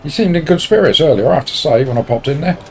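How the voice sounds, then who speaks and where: A man's voice: fairly high pitch, lively intonation, fast talker, creaky, poor audio. A man with a Portsmouth accent chatting casually with his viewers while racing, joking dryly and bantering. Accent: Portsmouth English. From Portsmouth, England. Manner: dry, joking banter with chat. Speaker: sim racing streamer. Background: faint car engine noise.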